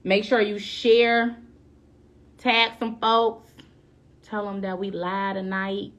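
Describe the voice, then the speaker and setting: A woman's voice: medium pitch, level tone, slow, fairly bright tone. A woman hosting a live-stream show, chatting casually and greeting her viewers by name with bubbly, effusive energy.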